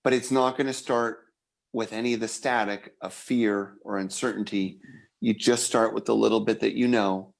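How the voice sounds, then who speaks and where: A man's voice: on the low side, fairly even intonation, normal speed, creaky. A man hosting a spiritual talk, reflective as he responds to his guest, then thanking viewers and making announcements. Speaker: host. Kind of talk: conversational talk show hosting.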